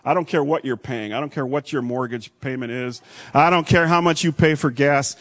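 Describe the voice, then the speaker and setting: A middle-aged man from Texas, preaching a sermon with big swings from loud to hushed. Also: mid-range voice, moderate pace, hardly any pauses. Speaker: pastor.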